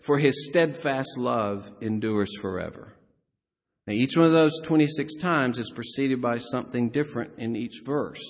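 A man preaching a sermon as a pastor, lively with joking asides and chuckles. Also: mid-range voice. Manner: animated, joking asides with laughs. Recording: long hall reverb.

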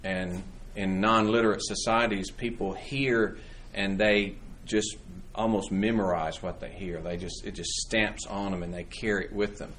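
A man with a fairly low voice leads a church Bible class. His talk is casual and meandering, full of restarts and fillers. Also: steady tone, measured pace, fairly bright tone, slight background noise. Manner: conversational, rambling with restarts and fillers. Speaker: church teacher. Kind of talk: informal Bible class teaching.

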